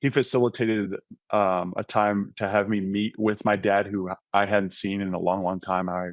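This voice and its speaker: A man's voice: fairly low pitch, flat delivery, moderate pace, no echo. A man in his thirties, a podcast guest, sharing a personal faith testimony in an earnest, conversational way and often checking in with "right?". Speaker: podcast guest, author and mentoring ministry founder.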